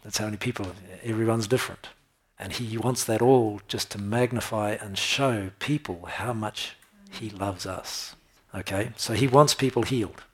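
A man with a low, husky voice delivers a sermon. He preaches with conviction and keeps checking in with his congregation through short tag questions like "right?" and "okay?". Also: moderate pace.

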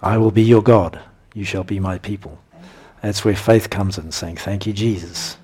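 A man preaching a sermon, teaching through scripture verses in an emphatic style, breaking into animated bursts and chuckles. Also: on the low side, normal speed, breathy edge.

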